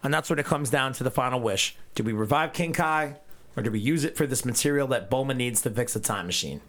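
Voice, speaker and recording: A man co-hosting a podcast, recapping an episode in casual chat with crude jokes and quick character asides. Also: medium pitch, a bit bright. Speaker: podcast co-host.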